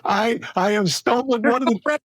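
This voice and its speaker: A man's voice: extremely high pitch, normal speed, fairly bright tone, no room sound, clean studio sound. Earnest podcast host, a man. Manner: earnest, stumbling restarts. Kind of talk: casual interview chat.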